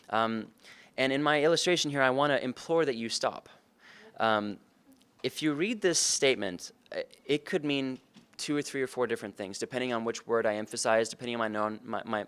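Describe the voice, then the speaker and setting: A man's voice: medium pitch, fairly bright tone, clear, resonant tone. A man giving a conversational conference talk, earnest and often putting questions to the audience. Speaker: conference speaker. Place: conference room.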